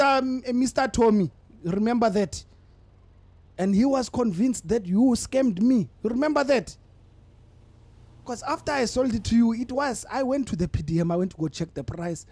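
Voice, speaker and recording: A man's voice: high-pitched, darkish tone, dry recording. A man doing in-character game roleplay, talking in an indignant, theatrical way. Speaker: roleplay gamer playing his character.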